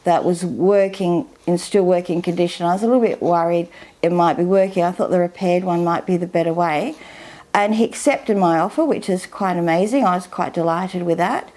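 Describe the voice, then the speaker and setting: A woman, chatting casually through an unboxing in a rambling, unhurried way. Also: on the low side, darkish tone. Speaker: vlogger.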